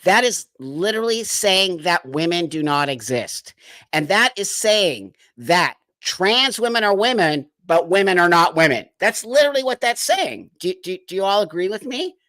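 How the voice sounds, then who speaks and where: A man's voice: sits high, big pitch swings, normal speed, bright, forceful tone, no room sound, clean studio sound. Emphatic man hosting a live stream. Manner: emphatic and indignant, with rhetorical questions. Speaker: livestream host.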